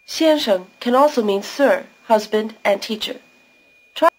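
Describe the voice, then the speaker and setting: A woman's voice: a little high, a little slow, poor audio. A woman giving scripted narration for a language course, patiently explaining pronunciation step by step.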